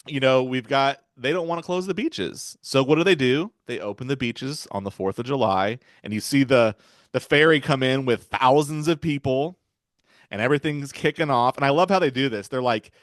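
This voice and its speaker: A man's voice: mid-range voice, lively intonation, normal speed, no room sound. Dry-voiced man retelling a movie. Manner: rambling retelling with chuckles. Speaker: podcast host. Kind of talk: casual film discussion.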